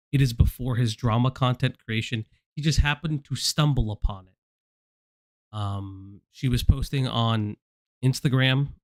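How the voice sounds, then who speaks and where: A man hosts a reaction stream, breaking in with wry asides and dry remarks. His pitch moves around a lot as he reacts. The recording is dry, with no room sound. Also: no echo. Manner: wry, laughing, quick asides. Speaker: stream host. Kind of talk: reaction commentary.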